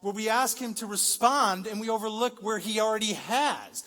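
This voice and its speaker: The long reverb of a large church hall surrounds a pastor whose high, fairly bright voice moves at a moderate pace. He preaches conversationally, cracking jokes and building toward emphatic climaxes.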